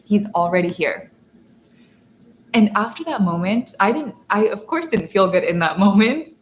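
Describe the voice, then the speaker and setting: A young woman coach teaching a masterclass, talking earnestly and telling animated stories with a laugh now and then. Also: medium pitch, moderate pace, a little hiss or hum. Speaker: feminine energy coach. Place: in Dubai. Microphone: seated while teaching.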